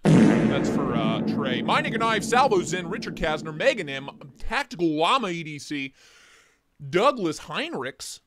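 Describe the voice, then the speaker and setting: A man with a high voice hosts a relaxed morning livestream. He rambles and jokes as he greets viewers one by one, and his pitch swings a lot as he talks. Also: a little slow, a crowd in the background. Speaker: livestream host. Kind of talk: casual morning livestream chat.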